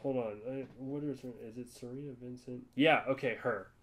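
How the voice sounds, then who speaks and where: An American man co-hosting a podcast tells stories in a loose, wandering fashion during casual chat, leaping into high-pitched voices whenever he quotes someone. He speaks fairly quickly, with fairly even intonation and a slightly bright tone.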